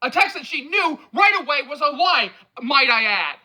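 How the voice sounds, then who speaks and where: A man voicing a protective young male friend who scolds and yells at a drunk companion. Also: extremely high pitch, very animated, normal speed, voice pushed up, full character voice. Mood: scolding, shouting. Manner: yelling, scolding.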